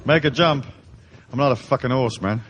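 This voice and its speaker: A man's voice: medium pitch, normal speed, slight background noise. A man giving a live seminar talk in a large hall, telling rowdy stories full of swearing. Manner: profane, storytelling, animated. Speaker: seminar speaker.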